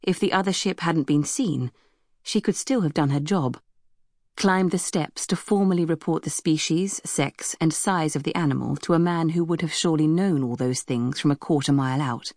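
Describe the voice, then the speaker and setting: Narrator, female, low register, dry close sound, measured storytelling. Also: a little mellow, no echo. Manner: measured storytelling, voices dialogue with raised pitch. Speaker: audiobook narrator. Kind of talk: scripted narration.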